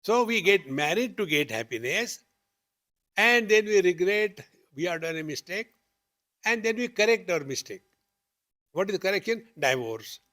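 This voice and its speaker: Guy teaching at a retreat, fairly high voice, acts out the conversations in his stories. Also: normal speed, long pauses. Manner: lively storytelling, acts out dialogue with rising questions. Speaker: spiritual teacher. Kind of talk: spiritual discourse. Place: retreat hall.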